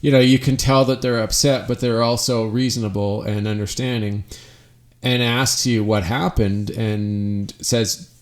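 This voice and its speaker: A man's voice: mid-range voice, fairly even intonation, unhurried. A middle-aged man hosting a solo podcast, talking in an earnest, reflective way and often restarting his phrases. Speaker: podcast host.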